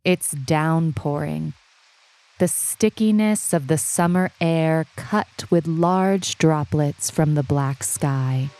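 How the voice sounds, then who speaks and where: A woman narrating a short story in an unhurried, even storytelling manner. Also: sits low. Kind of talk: audiobook reading.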